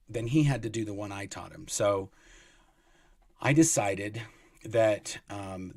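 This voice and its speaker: A man telling rambling, animated anecdotes as a guest, with many restarts. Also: fairly low pitch, breathy edge, dry recording. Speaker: guest, former Sea Org member. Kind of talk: casual storytelling in an interview.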